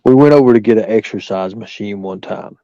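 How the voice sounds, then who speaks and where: A man's voice: on the low side, a little fast, no room sound. A man telling a rambling, profane story in a casual way, full of restarts and fillers. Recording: dull lo-fi recording.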